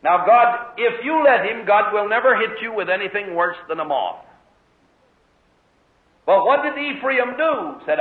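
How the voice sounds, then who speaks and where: Preacher guy giving an animated sermon, kinda high voice, tinny phone-like sound in a big echoey room. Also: measured pace. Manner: animated storytelling, acts out voices in quotes. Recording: phone-like lo-fi echoey hall recording. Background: congregation heard responding.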